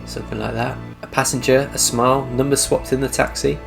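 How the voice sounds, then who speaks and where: A man's voice: medium pitch, flat delivery, fairly quick, gravelly, natural voice. A man reading the lines of a taunting, mysterious male ghost passenger in a video game, needling and mocking. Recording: game music behind.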